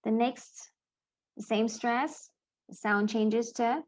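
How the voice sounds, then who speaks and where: A woman in her thirties teaching an English pronunciation lesson, speaking deliberately and enunciating each model sound clearly for learners to repeat. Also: fairly high pitch, fairly even intonation. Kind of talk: slow, careful pronunciation lesson with drills.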